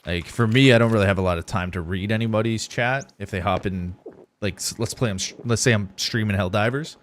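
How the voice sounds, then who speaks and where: A man's voice: on the low side, a little fast, a little hiss or hum. Laid-back male game streamer. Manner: casual, rambling, talks to chat while playing. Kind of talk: live gameplay commentary.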